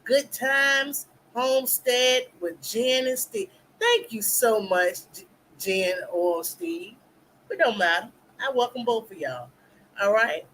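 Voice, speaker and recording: A woman's voice: fairly high pitch, lively intonation, takes it slowly, fairly bright tone, slight background noise, poor audio. A middle-aged woman hosting a casual live stream, chatty, greeting viewers by name and telling her own story. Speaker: livestream talk show host.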